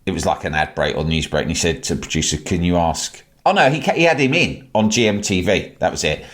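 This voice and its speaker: A man telling a long, animated anecdote in casual chat, swearing freely and acting out the people he quotes. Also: sits low, quick pace. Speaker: storyteller in a chat.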